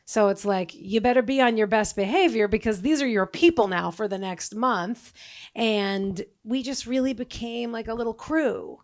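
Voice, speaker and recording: A middle-aged actress speaking in a voice a little higher than usual. She answers questions on a live stage. She is chatty and jokey, with lots of filler words. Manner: animated, quick jokes, lots of "like". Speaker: actress and guest.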